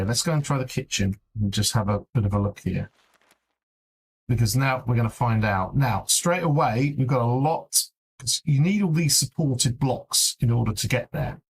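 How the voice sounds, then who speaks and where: A man's voice: medium pitch, breathy edge. A man streaming on his own, thinking aloud in a fretful mutter as he searches through files. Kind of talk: casual live-stream commentary.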